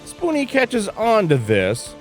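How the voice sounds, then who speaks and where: A man narrating a scripted tribute video in a measured, even reading. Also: sits high, faint music behind.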